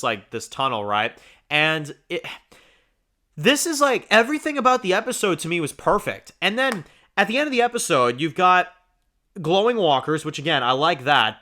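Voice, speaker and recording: A man's voice: mid-range voice, bright, forceful tone. A young man hosting a TV review channel, talking casually in a rambling, profane way with many fillers and restarts. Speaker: TV review host.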